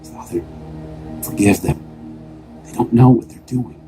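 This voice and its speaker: A man reading aloud voices a calm, quiet male teacher who speaks softly, with faint music behind. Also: medium pitch, normal speed, natural voice, poor audio. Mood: whispered. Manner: hushed, soft-spoken.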